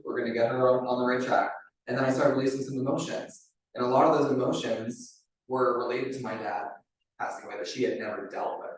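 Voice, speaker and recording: In a highly reverberant room, a man with a mid-range voice coaches a group through a live demo, chatting away and checking in with "right?" after many phrases. He sounds distant from the microphone, with slight background noise.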